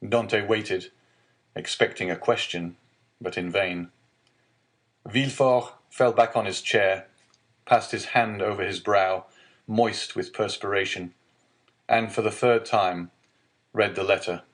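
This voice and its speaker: A man narrating a classic novel as a calm bedtime audiobook, reading slowly and evenly. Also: fairly low pitch. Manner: slow, even, soothing reading. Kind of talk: calm scripted narration for sleep.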